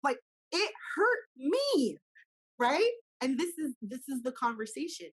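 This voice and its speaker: A woman's voice: high-pitched, very animated, a little slow, rough recording. A woman talking as a guest in a conversation, speaking with passion and acting out little scenes in voices.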